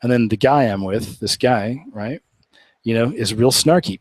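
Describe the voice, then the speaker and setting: A man's voice: medium pitch, fairly quick, no room sound, rough recording. A man from Oklahoma, hosting a live show in a casual, rambling, earnest way and laughing often. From Oklahoma, USA. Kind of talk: casual live-stream chat.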